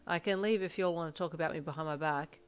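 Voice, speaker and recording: A woman voicing a blunt, sarcastic delinquent teenage girl with a deadpan, casual way of talking, as she reads a fan fiction aloud. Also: deep voice, quick pace, clear, resonant tone, lightly acted. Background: faint backing music.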